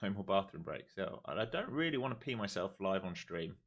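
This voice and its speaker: A man streaming his day trading live, talking through charts calmly and then groaning and swearing at the market when it moves against him. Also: sits low, fairly quick, dull audio. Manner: swings from calm chart talk to exasperated outbursts at the market.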